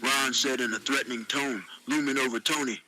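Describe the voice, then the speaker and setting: A synthetic male voice from an AI chatbot reading story narration in an even, flat way. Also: medium pitch, a little fast, a little hiss or hum, poor audio.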